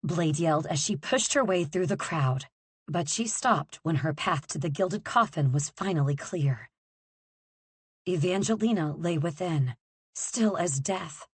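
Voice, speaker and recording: A woman reading an audiobook aloud in measured, scripted narration. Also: sits low, expressive, husky, no echo. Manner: measured storytelling.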